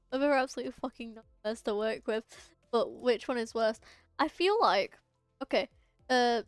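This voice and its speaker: A woman's voice: on the high side, smooth, no echo. Chatty young woman streaming a game. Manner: chatty, rambling, with many restarts. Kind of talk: casual live-stream chat.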